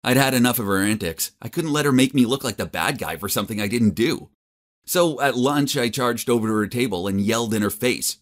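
A man narrating a first-person story as an awkward, nerdy teenage boy, animated and exasperated. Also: mid-range voice, fairly quick. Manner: animated, exasperated, self-mocking.

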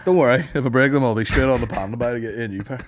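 Young guy rambling on a podcast, swears constantly, laughs a lot, mid-pitched voice. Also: very fast, crowd noise. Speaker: podcast co-host. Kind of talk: casual chat.

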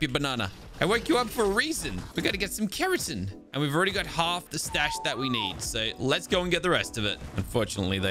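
Young guy doing gameplay commentary, bouncy pitch, talks to his dinos, yells when stuff goes wrong, game music playing under him. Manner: excitable, talks to his creatures, sudden exasperated outbursts. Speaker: gaming video host. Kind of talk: let's play commentary.

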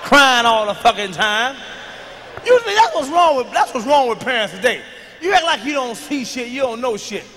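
A man doing a stand-up routine on an arena stage, loud and profane, shouting his punchlines into a handheld mic. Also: extremely high pitch, sing-song, normal speed, a little hiss or hum. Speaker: stand-up comedian. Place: large arena stage with live audience. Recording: live arena recording with long reverb.

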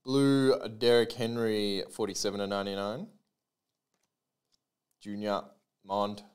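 Slow, smooth-voiced man calling cards. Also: fairly low pitch, level tone, a little mellow. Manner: rattles off player names and numbers, chatty asides to viewers. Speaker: trading card break host. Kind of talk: live card break, calling out cards.

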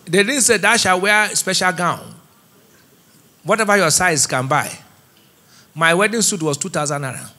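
Man, Nigerian accent, middle-aged pastor, high pitch, call-and-response sermon. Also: moderate pace, long pauses, pushed and bright. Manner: preaching, asking the congregation to fill in words. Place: church auditorium.

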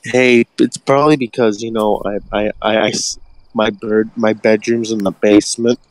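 A tired man on a casual voice chat from his basement bedroom, halting and restarting often. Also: fairly low pitch, level tone, no echo, low-quality recording. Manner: halting, many restarts and fillers. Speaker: stream guest.

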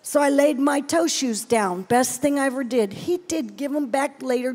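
A middle-aged woman preaching a sermon with personal testimony, animated and playful, dropping to hushed tones between exclamations. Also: sits high, normal speed. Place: large event hall, live audience.

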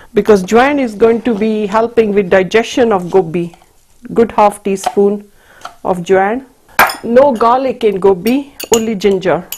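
A woman's voice: fairly high pitch, a little mellow. A woman hosting a cooking demonstration, chatting to viewers as she works. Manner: chatty, addresses viewers as folks. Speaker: cooking show host.

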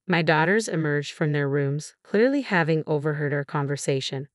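A woman narrating a first-person drama story in an even, steady reading voice. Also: low-pitched, normal speed, dry recording, studio quality.

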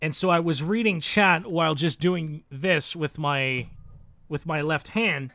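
A man live-streams commentary on a hockey video game simulation, chatting with viewers, swearing freely and bursting into loud, exasperated outcries. His voice is on the high side and a little slow, in a dry recording.

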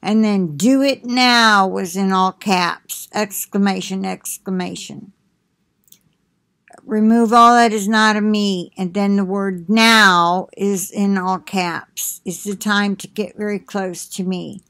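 A woman reads devotional messages aloud at an extremely slow, deliberate pace. Her pitch sits in a middle range. Now and then she breaks off to explain something more quickly in her own words. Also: fairly even intonation, a bit bright. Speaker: reader of prophetic messages. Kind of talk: slow devotional reading with asides.

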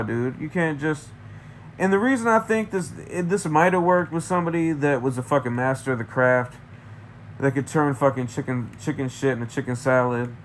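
A man's voice: a little high, moderate pace. A man from Michigan, rambling through a profane, tangent-filled movie review. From Michigan, USA. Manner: profane, ranting, jumps between tangents.

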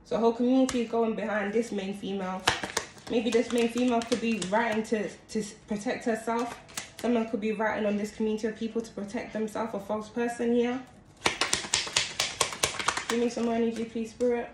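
A woman's voice: a little high, a little fast. A woman giving a casual tarot reading to her viewers, chatty and often calling out to them as guys. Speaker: tarot card reader. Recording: echoey room with steady background noise.

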